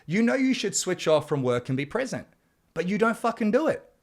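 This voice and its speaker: Man, slightly higher voice, blunt motivational coach who swears and pushes hard on key points. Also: sing-song, fairly quick. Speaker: men's coach narrating his book chapter. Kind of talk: motivational self-help reading.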